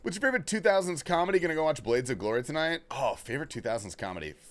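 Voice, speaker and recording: A man's voice: a little high, big pitch swings, very fast, slight background noise. A young man chatting casually and profanely on a gaming livestream, answering his chat. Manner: laid-back, slangy and profane, reading and answering chat.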